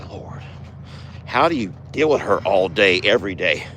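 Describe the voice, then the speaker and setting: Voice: deep voice, animated, a little fast, fairly bright tone, slight background noise. A vlogger chatting casually while doing ranch chores and cooing fondly at the animals. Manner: chatty, coos affectionately at animals. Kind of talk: casual vlog chat. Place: outdoors on a ranch.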